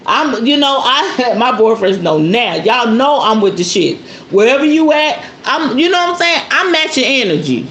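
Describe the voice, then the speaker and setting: A woman's voice: a little high, big pitch swings, moderate pace, a bit bright, roomy sound, a little hiss or hum. A woman hosting a spiritual talk show in a casual monologue, blunt and preachy. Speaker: host.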